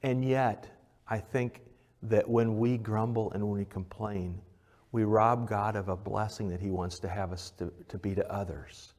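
A pastor with a male voice preaches at a church service in a steady, unhurried way. His lines veer between loud and emphatic and quiet and low, and he asks the congregation pointed, direct questions.

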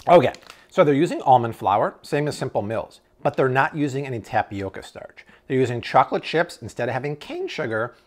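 A man's voice: mid-range voice, big pitch swings, brisk, darkish tone. A man in an enthusiastic grocery haul review, exclaiming and tasting products on camera. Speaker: food vlogger.

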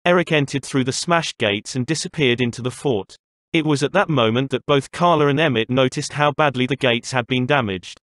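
A man narrating a fantasy novel in a steady storytelling manner. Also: mid-range voice, no room sound, studio quality. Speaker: audiobook narrator.

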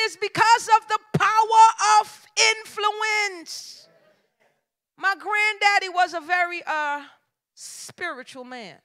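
A woman pastor delivers a sermon in a church sanctuary. Her voice sits very high and sounds bright and ringing. She talks in a folksy, colloquial way, drops low for emphasis and then builds to loud, shouted lines. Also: slow. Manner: emphatic preaching with call-and-response cadence, swinging from hushed to shouted.

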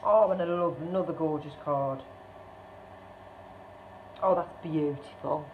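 A woman's voice: low voice, a little slow. Woman, gushing casual chat, echoey room, background noise. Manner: gushing, exclaims often. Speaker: craft channel host. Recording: tinny, echoey, noisy room sound.

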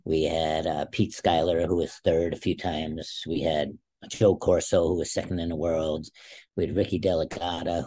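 A man in his sixties, a podcast guest, telling animated stories and acting out quotes. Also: low-pitched. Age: 60s. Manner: animated storyteller who acts out quotes. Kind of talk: casual interview storytelling.

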